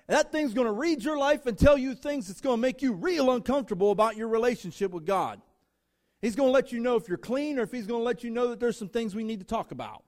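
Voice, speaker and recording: A man's voice: very high-pitched, lively intonation, fast, darkish tone. A man preaching a sermon as a guest speaker to a church congregation. He speaks emphatically, drives his points home in rhythmic lists of short phrases and talks straight to the listeners.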